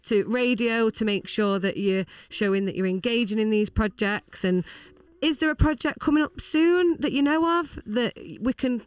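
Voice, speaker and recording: A woman's voice: on the high side, moderate pace, hardly any pauses, smooth, no room sound. Bubbly woman radio host. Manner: bubbly, enthusiastic. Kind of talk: casual radio chat. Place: radio studio.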